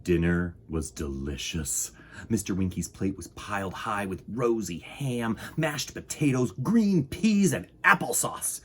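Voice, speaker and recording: A man reading a picture book aloud to children, animated and full of sound effects. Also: fairly low pitch, measured pace, slight background noise. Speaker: children's storyteller.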